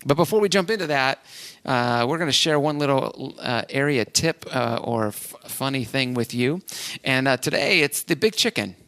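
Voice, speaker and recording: A man's voice: mid-range voice, expressive, normal speed, fairly bright tone, clean tone, no room sound. Chatty man hosting a podcast, dry sound. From Cleveland, Ohio, USA. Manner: rambling, self-deprecating, lots of fillers. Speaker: podcast host and real estate agent. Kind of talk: casual podcast chat.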